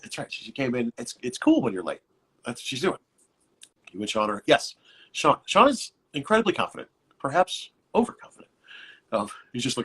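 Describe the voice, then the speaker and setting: A man's voice: mid-range voice, wildly swooping pitch, fairly quick, pauses often, a bit bright. A man hosting a casual live-stream interview, rambling and joking with many restarts. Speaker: talk show host.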